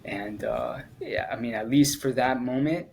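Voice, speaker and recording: A man, a former Marine, telling his story in an interview in a halting, earnest way, with frequent pauses and restarts. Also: mid-range voice, a little hiss or hum, poor audio. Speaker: guest, former Marine at the Kabul airport evacuation.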